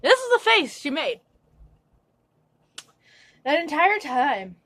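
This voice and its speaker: Young woman venting on her vlog, kinda high voice, dry close sound, upset and cussing a lot. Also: big pitch swings, takes it slowly, a bit bright, no echo. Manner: upset, ranting with frequent swearing; apologetic, shaky and emotional. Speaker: vlogger. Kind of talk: emotional vlog rant.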